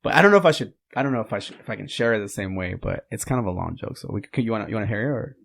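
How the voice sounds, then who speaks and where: A man's voice: on the low side, expressive, very fast, gravelly, fairly bright tone. A man whose first language is Spanish, a podcast guest telling a long joke in casual chat and laughing mid-sentence.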